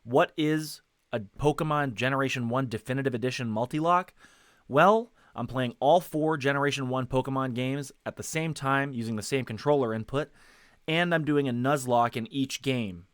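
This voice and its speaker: A man's voice: mid-range voice, normal speed, no echo, studio quality. A man streaming a video game, chatting casually with viewers, rambling with plenty of fillers and restarts. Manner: rambling, self-correcting, lots of fillers. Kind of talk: casual gameplay commentary. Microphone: headset.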